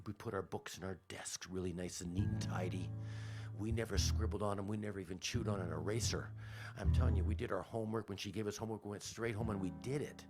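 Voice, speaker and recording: On the radio, a man with a low-pitched voice tells a childhood story in a rambling manner, frequently backtracking and cutting himself off.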